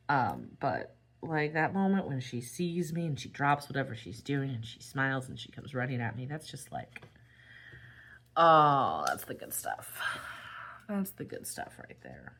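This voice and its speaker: A young adult woman chatting casually while she crafts, tired and rambling, with yawns and soft asides. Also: rumbling low, big pitch swings, moderate pace, gravelly. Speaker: crafting vlogger.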